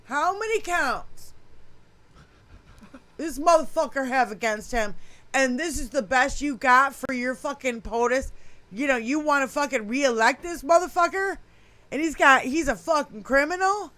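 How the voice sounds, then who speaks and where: High-voiced woman ranting with profanity. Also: moderate pace, bright, forceful tone, dry recording. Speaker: podcast co-host. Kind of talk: casual political podcast chat.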